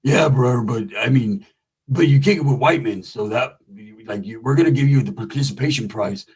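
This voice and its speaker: Dude doing a low mumbly backwoods guy, slow and kinda creepy calm. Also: husky. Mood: deadpan. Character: quiet tough hillbilly man, low and slow.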